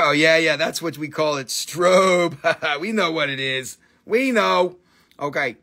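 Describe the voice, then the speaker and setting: A man's voice: on the high side, pushed and bright. A man hosting a live crystal sales stream, joking crudely, swearing and calling out prices like an auctioneer. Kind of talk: casual live-stream selling chat.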